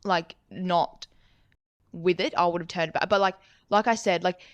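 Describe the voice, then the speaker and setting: A young woman co-hosts a podcast, rambling her way through a story in a casual style, cursing often and saying "like" constantly. Her voice sits on the low side with a steady tone and an unhurried pace. The recording is dry and muffled.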